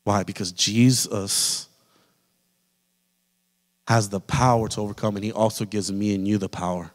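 A man in the pastor's role preaching a sermon with an American accent, building to forceful emphasis and asking repeated rhetorical questions. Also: on the low side, steady tone, normal speed. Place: church sanctuary. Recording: long hall reverb.

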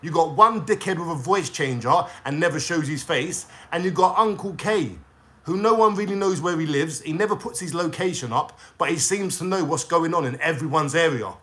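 A man's voice: fairly high pitch, normal speed, fairly bright tone. A young man with a London accent, venting a profane, confrontational call-out rant straight to camera in street slang. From England. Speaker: YouTuber.

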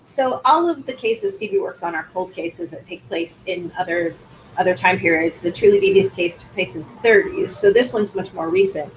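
A woman's voice: lowish voice, expressive, normal speed, a little hiss or hum, poor audio. A woman author answering interview questions in a thoughtful, explanatory way. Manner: thoughtful, explains at length with some restarts. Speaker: author guest.

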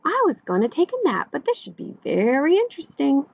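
A woman's voice: sits high, wildly swooping pitch, a little fast, creaky, muffled recording, voice pushed up, heavily acted. A woman voicing a graceful, lazy female barn cat with a languid, wry manner. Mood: amused.

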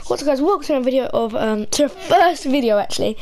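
A woman's voice: sits high, fairly quick, dark tone. A woman playing a horror game on her channel, talking through it in a jumpy, frightened way, often exclaiming and screaming. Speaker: gaming YouTuber. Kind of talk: horror game let's-play commentary. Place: at home, wearing headphones.

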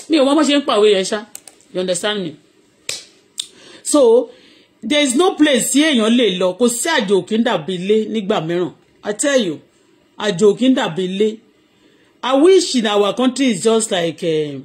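A woman's voice: medium pitch, a little mellow, husky. Middle-aged Nigerian woman, Yoruba her first language, hosting live audio; rambling, heated rant that switches between Yoruba and English. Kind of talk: impassioned live audio commentary.

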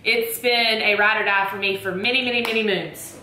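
Chatty, bright Southern woman vlogging. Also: medium pitch, fairly even intonation, brisk, reverberant, a little hiss or hum. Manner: chatty, gushing, emphatic. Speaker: teacher vlogger. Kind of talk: casual product chat to camera. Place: room lit with bright lights.

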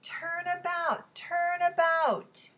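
A woman reading an audiobook, voicing a stern male naval captain who barks slow, commanding orders over a bullhorn. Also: very high voice, fairly even intonation, sharp tone, voice pushed up, exaggerated voice. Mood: bellowing. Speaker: ship's captain.

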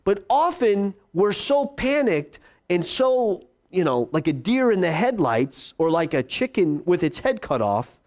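A male pastor delivering a lively sermon in a fairly high voice that swings widely in pitch. He acts out the voices he quotes. For quiet words he drops to a soft hush. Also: a little slow. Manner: animated preaching, acting out quoted voices; drops to a hushed low voice for God's quiet words.

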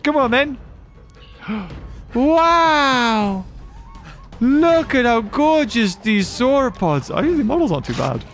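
A man giving excitable let's-play commentary as a gaming channel host. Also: extremely high pitch, moderate pace, creaky. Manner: excitable, exclaiming.

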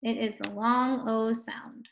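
A woman's voice: a little high, fairly even intonation, takes it slowly, vocal fry, a bit bright, a little hiss or hum. A woman teaching a recorded phonics lesson to first graders, sounding out words and praising the children.

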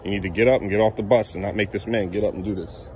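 A man's voice: lowish voice, steady tone, racing, a little mellow, a little hiss or hum. A man filming a casual family vlog, chatting playfully and coaxing his young sons at home in the kitchen. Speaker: dad vlogging with his kids. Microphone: handheld camera filming himself.

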